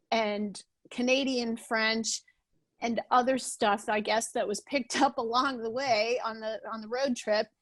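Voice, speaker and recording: A woman's voice: on the high side, dry recording. A woman being interviewed on a podcast over a video call, talking casually with many restarts. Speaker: podcast guest.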